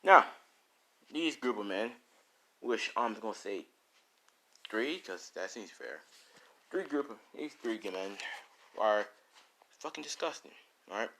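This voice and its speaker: A man's voice: on the low side, big pitch swings, unhurried, pauses often, sharp tone, slight background noise. A man casually narrating a fan story, rambling with slangy, profane asides.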